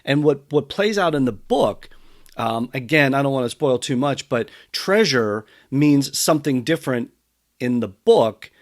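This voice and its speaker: A man's voice: mid-range voice, expressive, a little slow, no room sound, clean studio sound. A man hosting a podcast in casual chat, talking in an enthusiastic, rambling way. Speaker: podcast host.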